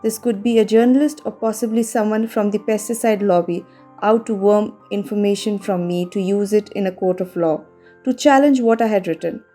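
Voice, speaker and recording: A woman narrating a scripted story in a measured, calm and careful voice. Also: mid-range voice. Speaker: voice-over narrator. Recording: faint music behind the voice.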